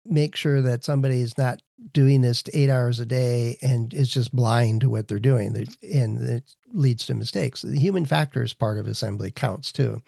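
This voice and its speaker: A man's voice: mid-range voice, normal speed, vocal fry, few pauses, warm tone, breathy edge, dry recording, studio quality. A man in casual conversation as a guest engineer, telling work anecdotes. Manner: anecdotal, chuckles. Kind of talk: casual technical chat.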